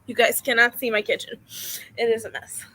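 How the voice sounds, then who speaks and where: A young woman hosting a casual reading stream from home, chatty and animated, laughing at herself often. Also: fairly high pitch, a little fast, low-quality recording. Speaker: host of a reading sprint stream. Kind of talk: casual chat. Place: home, near her kitchen.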